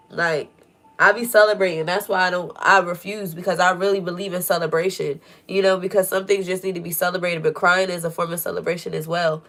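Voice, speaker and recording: A woman's voice: on the low side, fairly bright tone. Earnest woman giving a tarot reading. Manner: earnest, preachy, repeats phrases for emphasis. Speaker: tarot reader. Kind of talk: casual spiritual tarot reading.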